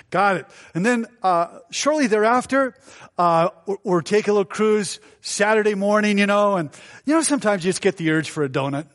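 A man's voice: high voice, a bit bright. A male pastor preaching a sermon, telling stories with humor and asking the congregation questions. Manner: storytelling, joking, asks the congregation.

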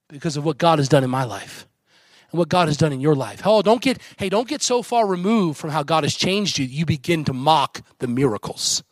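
A middle-aged man preaching a sermon as guest pastor, animated and jokey, mimicking mockers in a put-on voice. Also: fairly high pitch, a little fast, no room sound, clean studio sound. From United States.

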